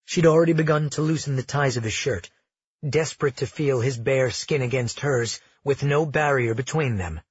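A man narrating a romance audiobook in a measured, intimate storytelling manner. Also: medium pitch, slightly rough, no echo, muffled recording.

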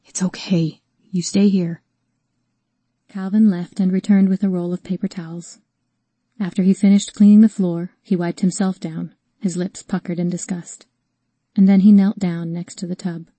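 A woman reading a novel aloud in an even, measured manner. Her voice is low-pitched, warm and a little husky. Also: dry recording. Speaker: audiobook narrator. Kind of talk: scripted novel narration.

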